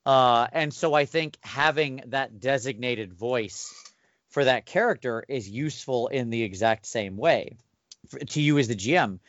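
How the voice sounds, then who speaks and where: A man's voice: medium pitch, unhurried, fairly bright tone, dry recording. A man in casual chat as a podcast co-host and game master, explaining things thoughtfully and restarting his sentences. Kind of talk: casual chat about running tabletop games. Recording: dull dry recording.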